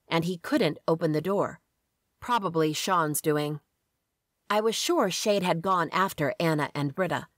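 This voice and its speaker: A woman reading a first-person story aloud as an audiobook narrator, in a measured, steady way. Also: low-pitched, dry recording, studio quality.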